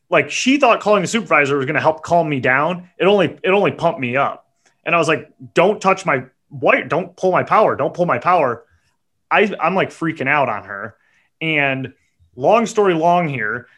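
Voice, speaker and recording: A man, co-hosting a podcast and telling a story in a casual, animated, profane way. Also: on the high side. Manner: animated, profane, builds to indignant outbursts. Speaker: podcast co-host.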